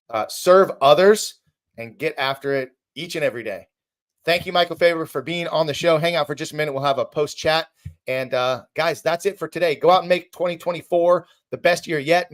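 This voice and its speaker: A male podcast host wraps up the episode with a mid-pitched voice. He is upbeat and encouraging as he thanks his guest and urges listeners to chase their passion. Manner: upbeat, motivational sign-off. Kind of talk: show outro.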